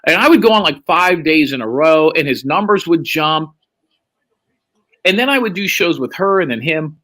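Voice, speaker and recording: A livestream guest tells a lengthy, animated story, swearing freely and pitching his voice up high whenever he quotes someone else. His fairly high, very lively voice swings widely in pitch from line to line at a moderate pace, on a rough recording.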